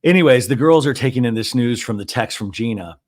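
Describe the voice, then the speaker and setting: A man hosting a comedic TV recap podcast, animated and giggly, rambling into confessional asides. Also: mid-range voice, fairly quick. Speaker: podcast host.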